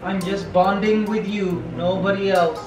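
A fairly high-voiced man chats slowly and playfully in an echoey room, laughing often and cooing to his pet. Music plays clearly behind him. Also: steady tone. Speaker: vlogger. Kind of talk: casual vlog chat. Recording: roomy echo with music behind.

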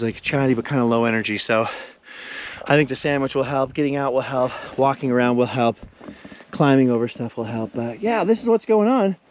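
A man's voice: mid-range voice, slight background noise. A middle-aged man, out of breath, chatting in a rambling vlog while hiking outdoors at old ruins. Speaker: vlogger. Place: outdoors at a desert mine ruin.

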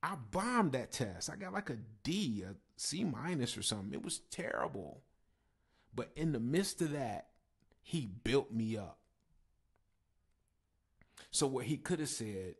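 Gravelly-voiced pastor telling a story. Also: male voice, medium pitch, sing-song, a little slow, long pauses. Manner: conversational, with fillers and repeated phrases. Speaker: pastor and musician. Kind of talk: personal storytelling talk.

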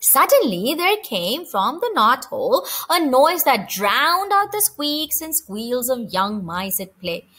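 A woman reading a children's chapter book aloud, expressive and animated. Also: high-pitched, slow pace, few pauses. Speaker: storyteller.

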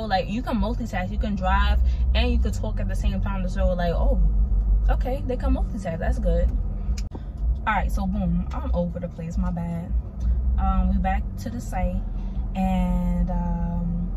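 A young woman telling a story in a casual vlog, animated and slangy, talking straight to her viewers. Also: mid-range voice, background noise. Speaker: vlogger.

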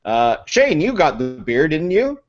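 A man's voice: a little high, sing-song, measured pace, soft background music. A Canadian man co-hosting a casual beer podcast, rambling with lots of fillers. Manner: rambling, filler-heavy, teasing. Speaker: podcast co-host. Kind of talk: casual chat over beers. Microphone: video call. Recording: muffled online call.

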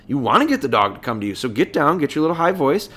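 A man's voice: on the high side, big pitch swings, fast talker, a bit bright. A man hosting a podcast, giving casual dog training advice in a folksy way, full of rhetorical questions.

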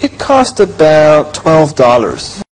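Low-voiced, expressive woman answering. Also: slow pace, rough recording. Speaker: dialogue reader in an English lesson. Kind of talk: scripted lesson dialogue.

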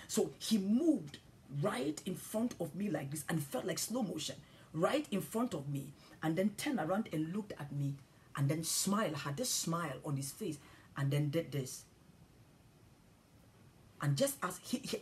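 A woman preacher telling a personal testimony in a sermon, swinging from hushed whispers to loud cries. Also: fairly low pitch, lively intonation, measured pace, slight background noise.

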